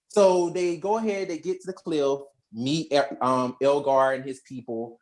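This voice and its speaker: A podcast co-host recapping a movie in a lively, slangy, storytelling way. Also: mid-range voice, unhurried, few pauses. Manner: animated, slangy storytelling with acted-out quotes. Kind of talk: casual movie review chat.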